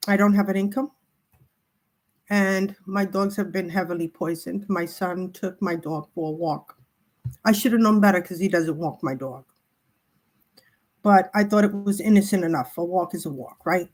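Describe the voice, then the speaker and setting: A woman hosting her spiritual tarot vlog, talking in a halting, tearful and apologetic way as she cries. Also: mid-range voice, a little mellow. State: crying. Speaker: tarot reader.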